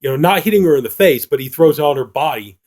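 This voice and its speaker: A man's voice: on the high side, expressive, fast talker, darkish tone. A man reviewing a film in a casual, rambling retelling, full of fillers.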